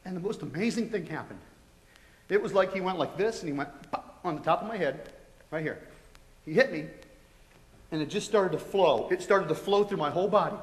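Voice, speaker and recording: A man giving a testimony to students, telling it in an animated way and acting out his own reactions. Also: high-pitched, a little fast, pauses often. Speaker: guest speaker sharing a testimony. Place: large college hall. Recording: echoey hall.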